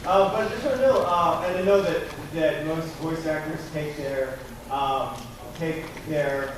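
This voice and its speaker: A man's voice: fairly high pitch, measured pace, background noise. A man in the audience at a convention panel, asking a hesitant question with many fillers, recorded from far off in a large hall. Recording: echoey hall, far from mic.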